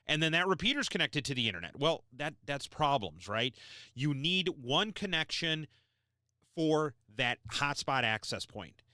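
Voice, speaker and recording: A man's voice: medium pitch, lively intonation, measured pace, pushed and bright, no room sound, clean studio sound. A man hosting a podcast, explaining things in a blunt, repetitive, emphatic way. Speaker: podcast host. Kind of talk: explanatory talk.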